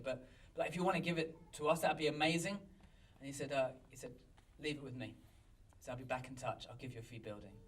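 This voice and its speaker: A pastor telling a story in a sermon, animated and self-mocking, recorded in a church. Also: male voice, mid-range voice, distant mic, poor audio. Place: church hall.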